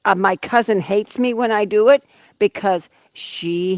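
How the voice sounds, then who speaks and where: A woman's voice: medium pitch, unhurried, no room sound, muffled recording. A woman in her seventies on a livestream, chatting and telling stories with frequent laughs. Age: 70s. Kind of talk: casual chat.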